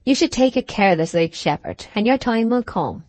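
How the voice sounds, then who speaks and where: A woman's voice: fairly high pitch, animated, fairly quick, a little mellow, no room sound, voice pushed up. Woman reading as an easygoing, encouraging villager. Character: easygoing male village labourer. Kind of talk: audiobook character reading.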